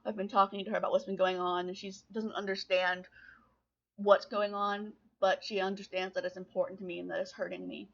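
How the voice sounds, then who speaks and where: A woman's voice: medium pitch, flat delivery, vocal fry. Young woman, confessional vlogger, hesitant delivery, muffled lo-fi webcam sound. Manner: halting, full of restarts and fillers. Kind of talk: confessional storytelling to camera.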